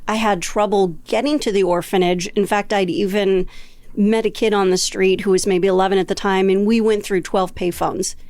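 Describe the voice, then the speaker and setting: A woman's voice: medium pitch, fairly even intonation, moderate pace, a little mellow, no echo. A woman in her fifties, a podcast guest, telling stories in an upbeat, easy-laughing way. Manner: upbeat, storytelling, laughs easily. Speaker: guest traveler. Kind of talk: podcast interview.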